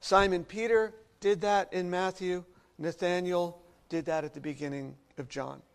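High-voiced male preacher. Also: moderate pace, creaky, clean tone. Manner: expressive preaching with wide swings in loudness. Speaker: pastor. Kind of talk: sermon.

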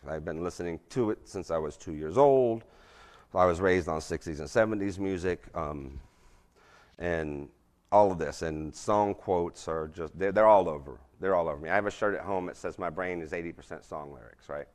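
A man's voice: deep voice, moderate pace, darkish tone. A middle-aged man giving a casual, interactive presentation to a church group, quizzing a live audience, with lots of ums and frequent "right?". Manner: chatty, drops in lots of ums and asks "right?".

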